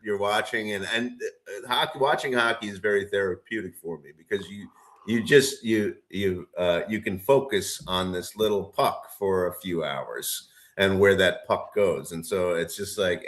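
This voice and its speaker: A man's voice: low voice, normal speed, fairly bright tone. A man co-hosting a podcast, talking in an easygoing way and laughing along in casual chat. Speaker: podcast co-host.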